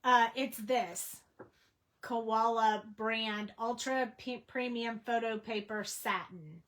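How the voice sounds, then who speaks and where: Unhurried chatty woman teaching crafts. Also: on the high side, steady tone, fairly bright tone, poor audio. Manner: chatty and rambling, many fillers. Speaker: craft instructor. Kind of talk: casual livestream coloring tutorial.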